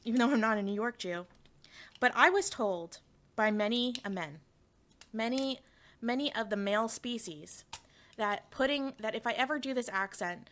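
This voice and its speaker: A woman's voice: on the high side, a bit bright. A woman streamer in casual live chat, rambling and giggly with lots of fillers.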